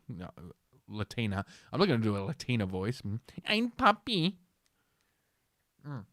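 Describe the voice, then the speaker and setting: A man's voice: medium pitch, no room sound, studio quality. Sardonic, profane male podcast host. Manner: sardonic, profane, reads articles with stumbles. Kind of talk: casual news commentary.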